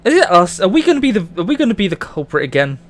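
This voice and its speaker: A man streaming a game in casual commentary, excitable, swearing and stammering as he wanders off on tangents. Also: high voice, very fast, a little hiss or hum.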